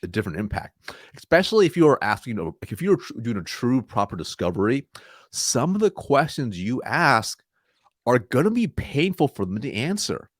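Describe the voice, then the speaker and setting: This podcast guest is a male sales trainer with a mid-range voice, captured in studio quality with no echo. Speaking with energy in a conversational interview, he slips into quick asides where he performs sales dialogue.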